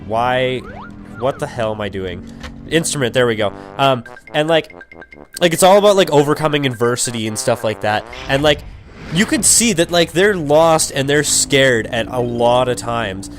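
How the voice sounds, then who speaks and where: A man's voice: mid-range voice, animated, moderate pace. Rambling young man commenting over gameplay. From Canada. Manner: rambling, heavy on "like" and swearing. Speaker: let's play commentator. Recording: faint game music behind.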